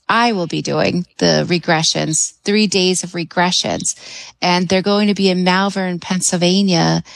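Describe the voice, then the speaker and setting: A woman's voice: lowish voice, creaky, no room sound, poor audio. A woman guest on a radio talk show, speaking as a hypnotherapist in an enthusiastic, chatty way and laughing often.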